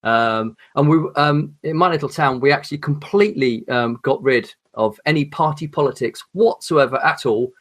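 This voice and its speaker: English male guest, articulate but halting, mid pitch. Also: fairly bright tone. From England. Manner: articulate, hesitant with many ums and restarts. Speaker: podcast guest, horror author. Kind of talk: casual chat.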